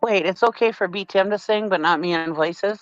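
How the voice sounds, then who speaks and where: A woman's voice: mid-range voice, moderate pace, no echo, muffled recording. A woman trading wry, teasing quips in a casual live panel chat.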